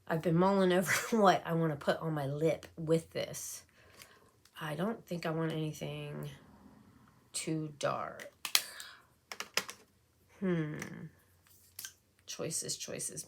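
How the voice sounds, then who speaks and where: A woman's voice: low-pitched, gravelly, a bit bright, slight background noise. A woman beauty vlogger chatting casually and rambling while doing her makeup. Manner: chatty, rambling, with frequent fillers. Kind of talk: casual makeup tutorial chat.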